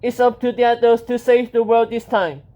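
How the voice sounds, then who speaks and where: A reader doing an excitable old man. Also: medium pitch, brisk, lightly acted. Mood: excited.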